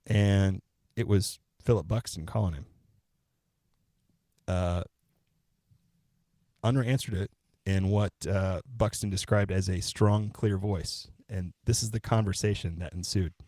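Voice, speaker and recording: A man with a very low voice tells a true-crime story casually on a podcast. The sound is dry and close, with no room around it. He co-hosts and sometimes swears. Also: measured pace, long pauses, dry recording. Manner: relaxed, profane, retells events step by step. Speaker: podcast co-host.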